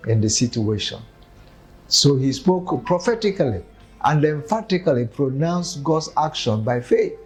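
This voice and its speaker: A man leading a weekly devotion, preaching in a measured, emphatic way and reading scripture aloud. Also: mid-range voice, a little mellow, husky, rough recording.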